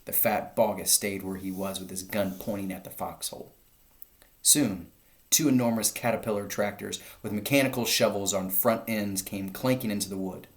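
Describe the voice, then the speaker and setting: Man, teacher, children's read-aloud, lively storytelling, lowish voice. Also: moderate pace. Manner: lively storytelling, raising voice for shouted lines.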